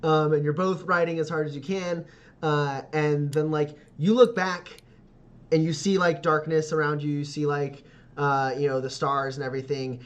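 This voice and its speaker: A man's voice: on the high side, fairly even intonation, moderate pace. A man narrating a tabletop role-playing game as game master, rambling with lots of "like" and "uh" and laughing often.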